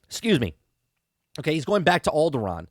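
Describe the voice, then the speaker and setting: A man's voice: fairly high pitch, huge pitch swings, a little fast, no echo, studio quality. A man hosting a podcast, giving a rambling, emphatic and mocking spoken review that keeps checking in with his listeners. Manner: rambling and emphatic, keeps asking "okay?" and "right?"; incredulous, mocking tone. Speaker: podcast host reviewing a TV episode.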